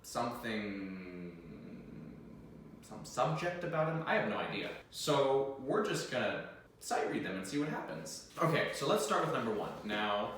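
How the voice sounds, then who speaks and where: A man's voice: medium pitch, big pitch swings, unhurried, fairly bright tone, a little hiss or hum. A young American man hosting a video, chatting casually and self-deprecatingly as he sight-reads organ music. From United States. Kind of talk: casual talk while sight-reading. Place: room with an organ. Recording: very echoey room, mic at a distance.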